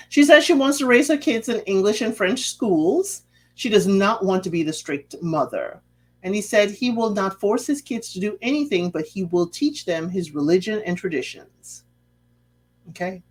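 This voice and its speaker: Sassy woman host for a reality-TV recap. Animated pitch, quips and rhetorical asides. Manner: sassy, chatty, drops asides and rhetorical questions; acts out quoted lines in a lively voice. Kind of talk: casual reality-show recap.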